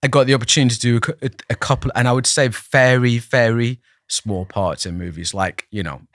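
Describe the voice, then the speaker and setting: A man's voice: mid-range voice, a little fast, fairly bright tone, dry recording, clean studio sound. A man, a podcast guest telling stories in a chatty, self-deprecating way with many restarts. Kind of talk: casual interview storytelling.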